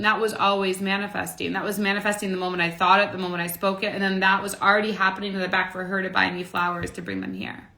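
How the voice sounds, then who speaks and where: A woman's voice: medium pitch, fast, hardly any pauses, pushed and bright. A woman in her late twenties, a manifestation coach, talking casually to camera in a rambling way, repeating phrases and filling with "like". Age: late 20s. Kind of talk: casual motivational talk to camera.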